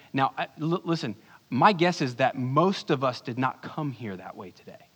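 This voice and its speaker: A man preaching a sermon as pastor, earnest, moving between urgent bursts and hushed low lines. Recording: long hall reverb.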